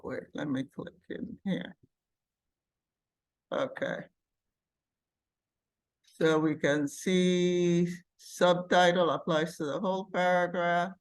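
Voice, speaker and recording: Patient woman instructor, slow and deliberate, narrating software steps aloud in class. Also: fairly low pitch. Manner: patient, thinks aloud while clicking. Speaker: computer class teacher. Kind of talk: live classroom software demonstration.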